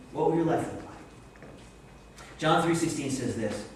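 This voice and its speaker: A man from Vermont preaching a sermon in a church, telling stories in an animated, self-deprecating way. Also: mid-range voice, normal speed, a little hiss or hum. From Vermont, USA. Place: church sanctuary. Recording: echoey church hall, distant mic.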